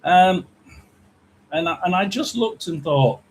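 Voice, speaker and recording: A middle-aged man with a slightly high voice hosting a casual livestream chat, rambling and greeting viewers by name as he talks. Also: lively intonation, moderate pace, a little hiss or hum, poor audio. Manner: rambling, chatty, reads out viewer names. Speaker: psychic livestream host.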